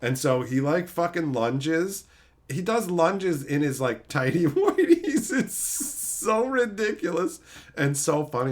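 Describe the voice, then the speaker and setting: A man's voice: fairly high pitch, sing-song, takes it slowly. A man streaming and chatting casually, ranting about a show with frequent swearing and mocking put-on voices. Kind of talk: casual chat.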